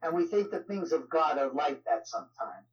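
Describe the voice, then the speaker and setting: A man with a New York accent speaks as an interview guest, his voice sitting a little high. He talks loosely and conversationally, leaning on filler phrases. The audio sounds dull and lo-fi. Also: expressive, normal speed. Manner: conversational, frequent "you know" fillers. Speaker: guest, ministry leader. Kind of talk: casual interview talk.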